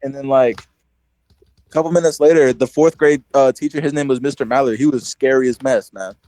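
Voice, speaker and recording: A man's voice: mid-range voice, a little fast, no room sound, rough recording. A young man on a podcast telling a childhood story in casual chat, full of filler words and acted-out quotes. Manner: animated storyteller, heavy "like" filler, acts out quotes. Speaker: podcast co-host.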